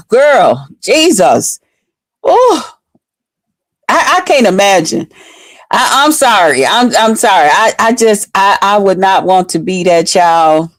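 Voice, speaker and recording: An online commentary host speaks straight to her viewers in a fairly high voice with no echo. Her casual commentary is blunt, profane, unfiltered and chatty.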